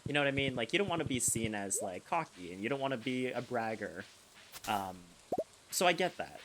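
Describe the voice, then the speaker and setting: Very animated and a little fast, this medium-pitched young man talks loosely while live-streaming a game. He rambles, laughs a lot and keeps starting his sentences over, with game music and background noise behind him.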